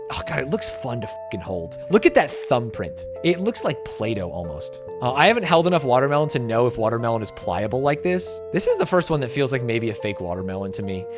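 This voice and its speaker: Animated American man ranting while reacting. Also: fairly high pitch. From United States. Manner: swearing, joking, exaggerated rants. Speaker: streamer reacting to clips. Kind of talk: casual reaction commentary.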